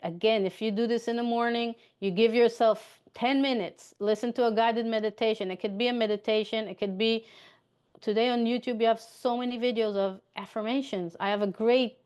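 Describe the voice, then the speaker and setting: A woman's voice: a little high, steady tone, fairly quick, a little mellow, smooth. A woman giving a motivational coaching talk, chatty, repeating her points and checking in with "okay?".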